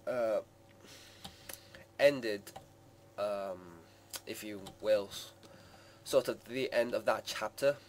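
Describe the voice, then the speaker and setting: A man's voice: lowish voice, slow pace, long pauses, a little hiss or hum. A man hosting a gaming channel, giving live gameplay commentary in a rambling way full of hedges and fillers. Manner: rambling, hedging with many "sort of" and "like".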